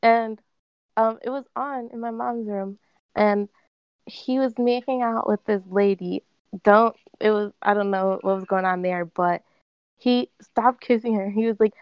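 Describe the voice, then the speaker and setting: A young woman talks slowly in casual group chat, leaning on her words. Her voice sounds dry and a little muffled. The lo-fi recording dulls it. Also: mid-range voice, steady tone, clear, resonant tone, no echo. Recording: dull lo-fi sound.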